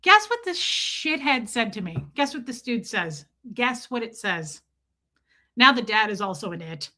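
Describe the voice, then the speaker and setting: Bright lady streamer ranting, swears a lot, comedic and animated. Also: fairly high pitch, a little slow. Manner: profane, animated storytelling. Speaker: live streamer. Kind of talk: comedic rant on a live stream.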